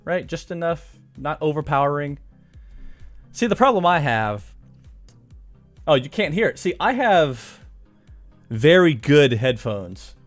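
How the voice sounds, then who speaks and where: A man's voice: on the high side, very animated, unhurried, long pauses. A man chatting casually on his live stream. He laughs often and pokes fun at himself, with faint music behind him. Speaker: live streamer and course author. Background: faint background music.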